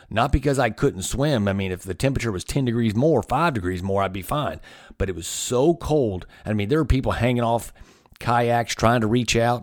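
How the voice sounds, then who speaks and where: A man with a fairly low voice tells a personal story as a motivational podcast host. He speaks earnestly and with emphasis, often repeating himself to drive a point home. The sound is dry and close, with little room around it. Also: darkish tone, no room sound.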